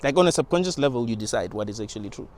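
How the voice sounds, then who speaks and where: A man's voice: medium pitch, lively intonation, racing, a little mellow. A young man talking in a rambling, informal monologue about spirituality, with slang and frequent restarts. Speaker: channel host.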